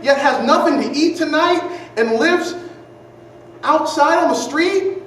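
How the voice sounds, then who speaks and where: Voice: high-pitched, a little slow, fairly bright tone. A preacher delivering a sermon earnestly, repeating key phrases and asking the audience rhetorical questions. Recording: very echoey room, distant mic, faint noise.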